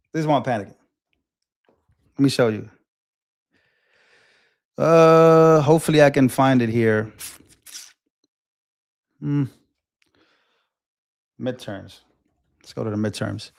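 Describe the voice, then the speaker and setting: A man's voice: a little high, clear, resonant tone. Impassioned young man on a livestream. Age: 20s. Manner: animated, impassioned, repeats himself. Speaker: livestream host. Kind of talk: casual livestream talk answering chat.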